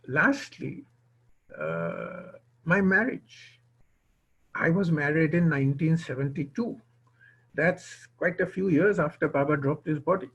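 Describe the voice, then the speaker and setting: An older man born in India, speaking as a guest at an online gathering, tells a personal story and quotes conversations he remembers. His voice is a little high, creaky, slightly bright and a bit rough. The video-call audio sounds dull.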